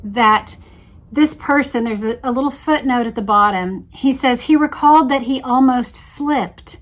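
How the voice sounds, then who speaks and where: Fairly high-voiced woman discussing history. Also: a little slow. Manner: reads quotes aloud with shifting voices, adds musing asides. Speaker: host reading from a history book. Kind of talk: book-based history discussion.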